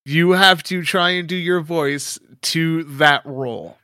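A man acting as dungeon master of a tabletop game, lively and quick to laugh as he directs the players. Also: fairly high pitch, clear, resonant tone, dry recording, studio quality.

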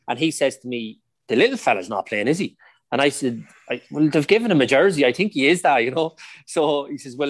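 A man's voice: mid-range voice, no room sound. A middle-aged Irish man, a former footballer, telling anecdotes in a casual podcast interview, with lots of "like" and "you know".

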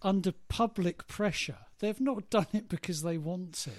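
A man's voice: high-pitched, normal speed, a little mellow, no room sound. A man co-hosting a casual chat, constantly chipping in with jokes and questions. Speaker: podcast co-host. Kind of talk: casual banter.

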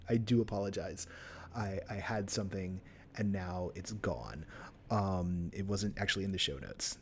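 A man's voice: fairly low pitch, darkish tone, husky. A man hosting a podcast in a casual chat, running through event listings with playful, self-mocking asides. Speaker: podcast host.

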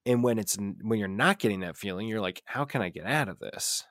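A man's voice: on the low side, expressive, fairly quick, a bit bright, dry recording, clean studio sound. A man co-hosting a podcast, talking in an easygoing, earnest way, often saying "dude" and "you know". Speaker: podcast co-host. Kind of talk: casual chat.

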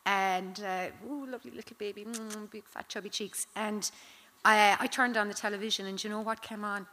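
A woman's voice: medium pitch, fairly even intonation, brisk, pushed and bright. A woman, a forensic psychologist, telling a story in earnest as a guest on a live podcast stage. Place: theatre stage before a live audience. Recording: long hall reverb.

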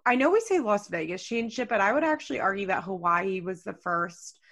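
Her voice is medium-pitched and a bit bright, swinging widely in pitch at a fairly quick pace. This podcast co-host has a mild speech impediment and chats casually and loosely, full of fillers and the occasional swear.

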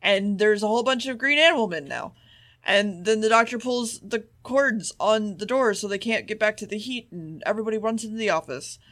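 A man's voice: high-pitched, fairly quick, sharp tone. A man co-hosting a podcast, casually recapping an episode, swearing freely and acting out the characters' lines. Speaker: podcast co-host.

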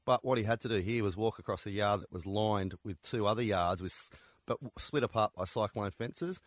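Low-voiced male author, dry sound. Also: a little fast, no room sound. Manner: conversational, frequent ums and restarts. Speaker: author of prison books. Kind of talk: interview guest recounting stories.

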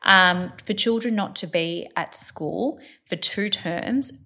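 On a casual podcast, this Australian woman in her thirties talks slowly in a fairly low, pushed, bright voice. She makes her points with emphasis, stacking them into repeated lists.

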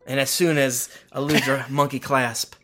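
A man's voice: mid-range voice, level tone, normal speed, over music. A man co-hosting a tabletop game podcast, joking with lots of fillers and stumbles. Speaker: co-host. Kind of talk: casual podcast chat.

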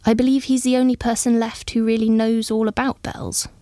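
A hesitant young lady, new to her old house, who halts and stammers over her words, as a woman narrator puts her on. The voice is a touch brighter than the reader's own, close and dry. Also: a little high, flat delivery, a little fast, no echo, voice pushed up, natural voice.

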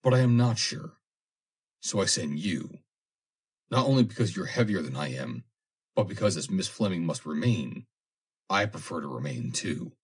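A grim, stern man who gives hard orders in a quiet voice, as a male narrator voices him. The voice sits deep and low, with a husky, breathy edge. It comes from a storybook reading. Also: big pitch swings, moderate pace, long pauses, full character voice. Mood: stern, scornful. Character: grim, stern young man commanding in a crisis.

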